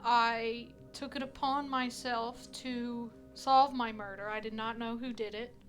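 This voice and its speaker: A woman's voice: fairly high pitch, fairly even intonation, measured pace, faint music behind, close to an everyday voice. A woman voicing a murdered female ghost testifying in a tabletop game, earnest and plain.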